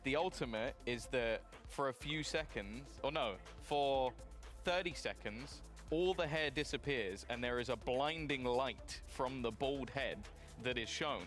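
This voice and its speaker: A man on an esports panel who jokes in a laid-back way and slows down when he explains his ideas. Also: medium pitch, fairly bright tone, faint music behind. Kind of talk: casual panel banter.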